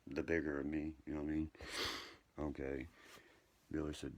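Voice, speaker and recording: A man's voice: a bass voice, moderate pace, gravelly, a little mellow, breathy edge. A man telling rambling, profane stories during a late-night livestream.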